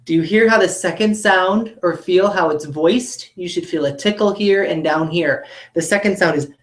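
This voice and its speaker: Woman, phonics teacher for kids; low, patient, deliberate delivery; roomy echo. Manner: slow, patient, models sounds clearly. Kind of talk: video lesson for children.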